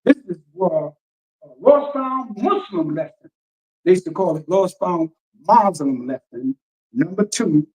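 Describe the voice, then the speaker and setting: A man's voice: high-pitched, expressive, unhurried, a little mellow, breathy edge, poor audio. A man minister preaching emphatically and firing rhetorical questions, reading passages aloud and explaining them. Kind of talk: radio teaching sermon.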